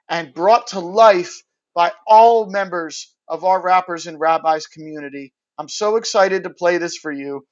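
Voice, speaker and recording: Give me a host talking through a prayer and its harmonies in an easy, explanatory way. The voice sits in a middle register. The sound is a bit muffled, like a lo-fi livestream. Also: medium pitch. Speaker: host and producer. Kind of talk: spoken introduction to a prayer and a song.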